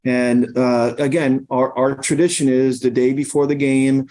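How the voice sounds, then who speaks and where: A middle-aged man with a mellow, warm tone tells stories at an easy pace. He rambles through long anecdotes as a podcast guest, with plenty of ums and restarts. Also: mid-range voice, little pitch movement, unhurried. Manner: rambling anecdotes with many fillers. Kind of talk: storytelling in casual conversation.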